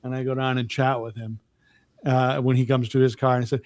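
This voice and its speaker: A man's voice: mid-range voice, fairly even intonation, fast, no room sound, studio quality. A middle-aged man co-hosting a podcast, telling rambling, profane stories in casual chat. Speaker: podcast co-host.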